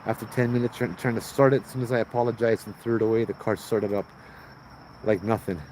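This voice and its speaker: A man with a Hawaiian Pidgin accent hosting a livestream, telling a ghost story in a lively way and putting on high voices for the people in it. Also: fast, slight background noise, low-quality recording. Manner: animated, acts out voices in high pitch. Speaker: host telling ghost stories.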